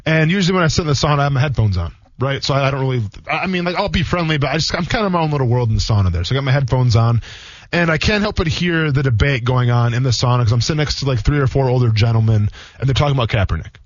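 A man's voice: medium pitch, lively intonation, no room sound. A man in his thirties, a former football player co-hosting a sports radio show, telling stories in a rambling, casual way full of fillers. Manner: rambling, fast, many "like" fillers. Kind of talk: casual radio chat, storytelling. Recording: dull lo-fi radio sound.

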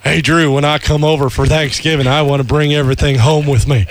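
A man's voice: on the high side, little pitch movement, brisk, slight background noise, lightly acted. A blunt, greedy older mother-in-law, as a man imitates her, in a slightly raised voice. She comes across as plain-spoken and grabby.

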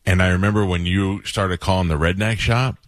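A man with a New York accent hosting a radio show, telling stories in an animated way with quick laughs. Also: sits low, no echo. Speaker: radio host. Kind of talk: casual radio chat.

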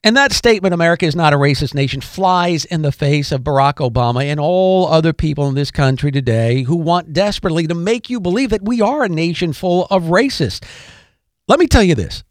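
A man's voice: a little high, animated, a little fast, dry recording, clean studio sound. A man hosting a podcast, delivering an emphatic political commentary monologue, repeating key phrases and addressing listeners directly. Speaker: podcast host.

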